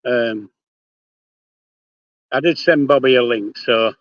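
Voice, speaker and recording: A man's voice: mid-range voice, takes it slowly, dull audio. An older man with a Yorkshire accent chatting casually on a phone livestream, blunt and prone to swearing, greeting viewers by name. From Yorkshire, England. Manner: blunt, swears casually, speaks before thinking. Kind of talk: casual live-stream chat. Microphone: phone held in hand.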